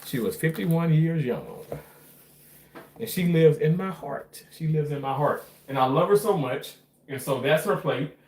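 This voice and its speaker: A man's voice: on the high side, animated, a little slow, a little mellow, far from the mic. A man, talking through his home cooking in a rambling, chatty way with casual swearing. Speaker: cooking vlogger. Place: home kitchen. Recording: echoey room, voice off-mic, faint noise.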